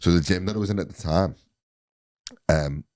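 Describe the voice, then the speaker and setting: Host, man, late 30s, very low dark voice, easygoing delivery, dry close sound. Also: moderate pace, dry recording. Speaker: podcast host. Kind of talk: casual chat.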